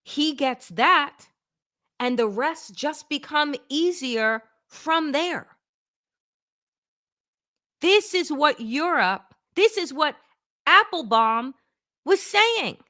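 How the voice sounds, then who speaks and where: A woman's voice: sits high, lively intonation, drawn-out words, pauses often, bright, forceful tone. A woman hosting a political talk show, delivering blunt, emphatic commentary with sarcastic asides and swearing.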